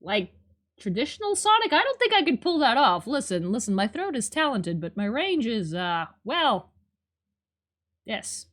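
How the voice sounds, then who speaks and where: A young woman on a live stream, talking fast and cracking jokes as she reads. Her voice sits high and swings widely in pitch. She swears casually and keeps up a running commentary into her streaming mic. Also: very animated, a bit bright. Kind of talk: casual live-stream reading of a visual novel.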